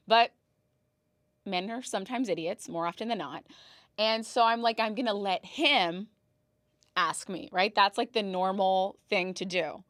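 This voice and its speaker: A woman's voice: mid-range voice, unhurried, pauses often, fairly bright tone, dry recording, clean studio sound. A young woman hosting a podcast, telling stories in a casual, dramatic way, swearing and gasping for effect. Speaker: podcast host. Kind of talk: casual storytelling monologue.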